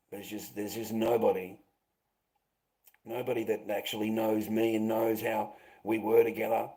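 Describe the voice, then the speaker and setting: Man, gravelly voice, agitated livestream rant, heavy swearing. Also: lowish voice, warm tone, low-quality recording. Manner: agitated, swearing, voice rising when upset.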